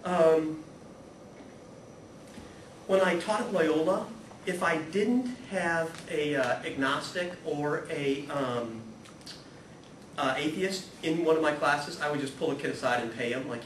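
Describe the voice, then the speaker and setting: A man giving a humorous, animated spiritual talk to a live audience, acting out the people in his stories and swinging from hushed to loud. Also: on the high side, normal speed. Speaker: guest speaker at a spirituality talk series. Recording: echoey room, voice from far off, audible noise.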